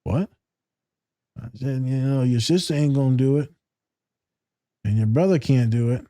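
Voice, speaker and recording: A man hosting a casual podcast, from Michigan, telling profane, animated stories and acting out quotes. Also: medium pitch, moderate pace, no echo, clean studio sound. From Michigan, USA. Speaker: podcast host.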